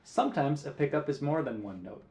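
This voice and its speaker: A man's voice: mid-range voice, expressive, brisk, darkish tone. Patient male guitar teacher, roomy sound. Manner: clear, patient counting aloud. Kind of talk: music lesson. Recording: roomy echo.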